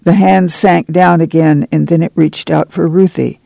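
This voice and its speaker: Gravelly, dark-voiced male narrator. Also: a little high, fairly even intonation, moderate pace, no room sound. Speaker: audiobook narrator. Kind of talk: scripted narration.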